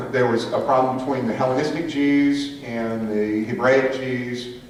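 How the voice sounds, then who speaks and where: Heard from a distance in a reverberant room with slight hiss, a man leads a Sunday school class, asking questions and picking people by name. He speaks a little slowly at medium pitch, his intonation fairly even.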